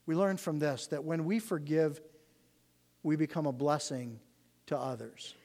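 A man gives an earnest Bible study sermon, explaining scripture and leaning on key words. His voice sits a little high. A long reverb from a large hall trails each phrase. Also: measured pace, a little mellow. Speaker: Bible teacher.

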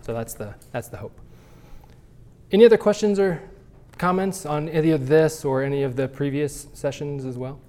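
A man's voice: a little high, moderate pace, darkish tone. A man teaching a Sunday school class at church, talking conversationally and often restarting his phrases.

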